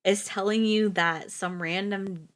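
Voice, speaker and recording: A woman's voice: mid-range voice, fairly even intonation, measured pace, a bit bright, a little hiss or hum. A woman streamer reading fairy tales aloud, breaking off for joking, swearing asides and stumbling over words. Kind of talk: storybook reading with casual commentary.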